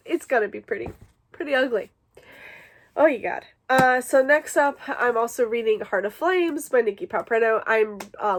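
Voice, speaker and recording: A woman hosting a casual book vlog, talking in an emotional, gushing way with plenty of "like" fillers. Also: a little high. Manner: gushing, emotional, filler-heavy with frequent likes. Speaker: book vlogger. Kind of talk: casual chat.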